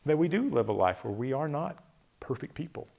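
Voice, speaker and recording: A man giving a reflective talk on faith, thoughtful, often chuckling softly and listing words slowly. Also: fairly high pitch, very animated, creaky.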